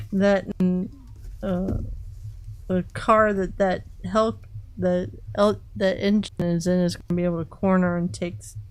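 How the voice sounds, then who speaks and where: A woman's voice: on the low side, level tone, unhurried, slight background noise, poor audio. A woman co-hosting a crafting livestream in casual, teasing chat, laughing often and bossing her partner around in fun. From not from New York.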